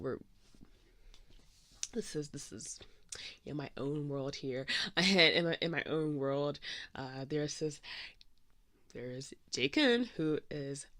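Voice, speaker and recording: Bright-voiced woman chatting casually. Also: low voice, no echo, studio quality. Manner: chatty, meandering, full of "um" and "like". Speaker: podcast host. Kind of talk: casual rambling chat while drawing.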